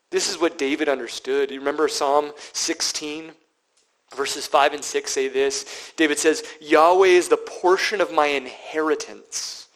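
A male pastor preaching a sermon, dropping to hushed whispers and then building to loud, emphatic passages. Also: medium pitch, low-quality recording.

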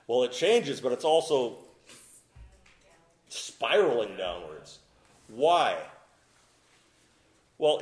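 Animated preacher in an echoey room. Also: male voice. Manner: animated preaching, swinging from loud emphatic peaks to low quiet asides. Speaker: pastor. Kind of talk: sermon.

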